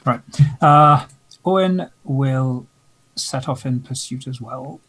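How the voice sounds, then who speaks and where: A man playing a tabletop game online, speaking slowly and unsure. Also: medium pitch, a bit bright, husky, rough recording. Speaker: player. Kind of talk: casual tabletop play.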